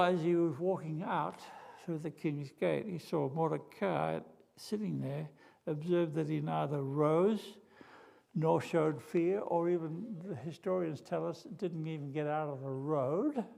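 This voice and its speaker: Aussie preacher guy, high-ish gravelly voice, storytelling sermon, gets loud then quiet. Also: unhurried. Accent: Australian. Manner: animated storytelling, swinging between loud and hushed.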